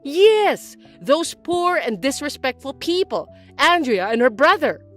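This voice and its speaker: A woman voicing a scheming, self-pitying older mother-in-law who talks in a shrill, accusing whine. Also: big pitch swings, a little slow, fairly bright tone, faint music behind, heavily acted. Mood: scornful. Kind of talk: dubbed drama acting.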